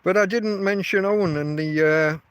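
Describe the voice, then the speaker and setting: Rambling man, fairly high voice. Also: unhurried, clear, resonant tone, muffled recording. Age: 50s. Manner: rambling, chatty, often restarts his sentences. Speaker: livestream host. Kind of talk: casual livestream chat. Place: outdoors.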